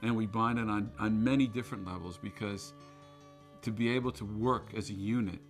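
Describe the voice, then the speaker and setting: A man's voice: lowish voice, normal speed, faint music behind. A male actor telling stories in an interview, with an intense, emphatic manner. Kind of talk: interview recollection.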